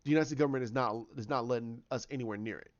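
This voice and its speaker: A man's voice: medium pitch, racing. A man casually retelling his own movie idea, rambling with many restarts and fillers. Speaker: fan pitching a movie idea. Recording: dull lo-fi recording.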